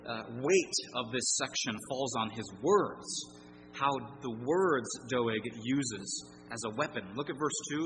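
A man preaching with an earnest, emphatic delivery, putting questions to his listeners. His voice is bright and forceful, and it rings out with a long hall reverb over a faint hum. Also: mid-range voice. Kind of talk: sermon.

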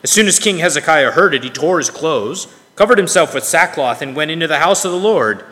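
Bright-voiced man reading scripture in a hall. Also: a little high, expressive. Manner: measured, emphatic reading with occasional self-corrections. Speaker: scripture reader. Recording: long reverb of a large hall.

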